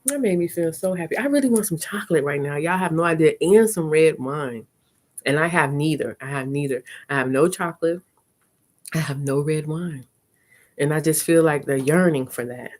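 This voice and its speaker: Chatty woman vlogger, lowish voice. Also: normal speed. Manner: chatty, animated storytelling with laughs. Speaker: content creator. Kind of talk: casual live-stream chat.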